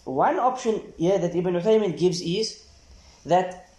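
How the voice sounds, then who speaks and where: A man teaching a hadith class, reading Arabic text quickly, translating it, and asking the class rhetorical questions. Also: high voice, animated, a little mellow. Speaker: Islamic studies teacher. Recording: echoey room.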